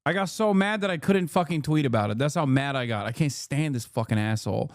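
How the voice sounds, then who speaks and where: A man in his thirties reacting live on stream, his voice a touch higher than most men's. He talks in a profane, heated, mocking way, with sudden laughs and sarcastic impressions. The sound is close and dry with no room around it. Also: lively intonation, a little fast, no echo. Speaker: livestream commentator. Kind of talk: reacting to clips and articles on stream.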